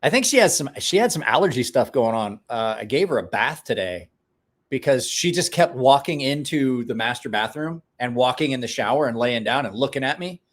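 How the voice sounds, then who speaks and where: Man, casual live-stream chat, rambling, lively swinging pitch, middling voice. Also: a little fast. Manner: rambling, repeats and restarts words; talks to his dog between comments.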